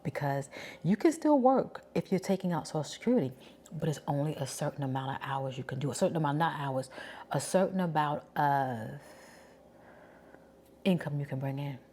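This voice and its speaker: A woman in her forties with a New York accent, talking casually and candidly to her viewers and thinking out loud. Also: sits low. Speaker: vlogger. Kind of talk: casual talk to camera.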